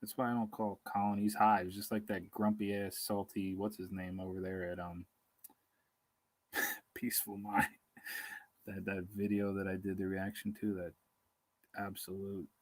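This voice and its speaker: A man's voice: sits low, little pitch movement, measured pace, long pauses, rough recording. A man hosting a live stream outdoors, chatting in a rambling, casual way, hungry and tired, chuckling as he reads comments aloud. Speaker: beekeeping livestream host.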